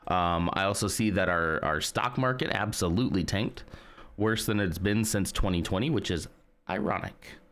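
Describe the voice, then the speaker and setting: A man's voice: deep voice, normal speed, fairly bright tone, a little hiss or hum. A man streaming live, chatting casually and rambling as he reads and answers his chat.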